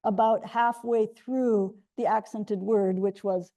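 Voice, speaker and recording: A woman's voice: medium pitch, fairly even intonation, takes it slowly, mellow. A middle-aged woman presenting research at an academic colloquium, explaining step by step with frequent self-corrections and restarts. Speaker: linguistics researcher giving a colloquium talk. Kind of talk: academic lecture. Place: lecture room.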